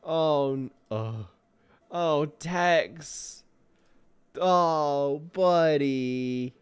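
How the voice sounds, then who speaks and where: A man streaming live gameplay commentary, excitable and self-mocking, exasperated at his own character. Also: on the high side, extremely slow, smooth.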